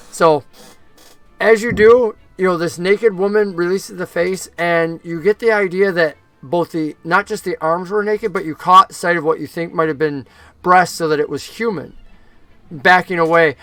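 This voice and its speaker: A man narrating a tabletop role-playing game as game master, talking in a lively way and jumping into character voices. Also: high-pitched, measured pace, no room sound, soft background music.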